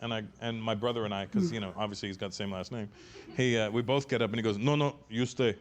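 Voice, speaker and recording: A man's voice: fairly low pitch, very fast. Middle-aged man telling a profane stand-up story. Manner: animated, profane anecdote-telling that acts out other people's lines. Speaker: stand-up comedian.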